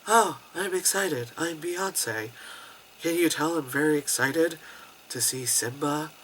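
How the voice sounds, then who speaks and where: A reviewer putting on a flat, low, mumbling voice to mock a female star who sounds bored. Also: slow, slight background noise, poor audio. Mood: bored, sarcastic. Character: mocking impression of a bored female pop star.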